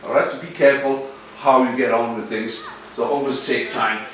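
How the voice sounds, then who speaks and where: Male coach giving an animated workshop talk, distant mic, echoey room with faint noise. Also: medium pitch, moderate pace. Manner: lively, animated, addresses audience directly.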